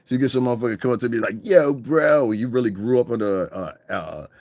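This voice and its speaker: A man hosting a podcast in a casual, animated monologue, swearing and mimicking other people's voices. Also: fairly low pitch, quick pace, dry recording. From United States. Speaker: podcast host.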